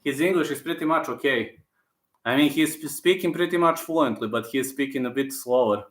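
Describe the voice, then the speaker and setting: A man's voice: mid-range voice, a little fast. A man hosting his channel in casual live-stream chat, answering viewers and often repeating himself. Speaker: channel host. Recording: roomy echo.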